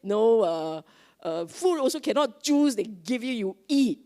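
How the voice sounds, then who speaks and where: A woman's voice: fairly high pitch, measured pace. Woman, retreat teacher, chatty dharma talk that quizzes the room. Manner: lively, conversational, asks the audience questions.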